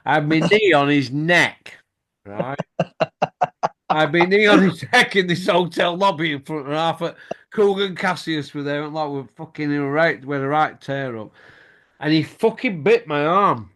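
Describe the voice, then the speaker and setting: A man's voice: fairly high pitch, lively intonation, normal speed, a bit bright. A middle-aged man, hosting a boxing show and telling stories in casual chat, swearing freely and laughing as he goes.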